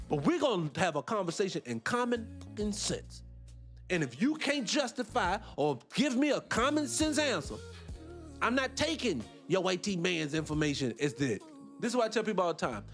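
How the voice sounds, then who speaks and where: Animated, high-voiced man ranting casually. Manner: animated, rambling, blunt and profane. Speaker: host. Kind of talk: casual live-stream monologue.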